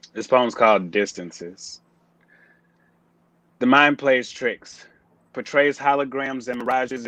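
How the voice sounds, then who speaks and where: A man reads his spoken word poem at an online open mic. His voice sits at a middling pitch and comes through a dry, close video-call mic, with steady, deliberate phrasing. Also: no room sound, rough recording. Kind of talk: spoken word poetry performance.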